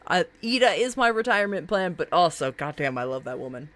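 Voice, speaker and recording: Animated, gushing woman streamer. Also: fairly low pitch, brisk. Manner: gushing, swears freely, laughs often. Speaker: live streamer. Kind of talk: casual live-stream chat.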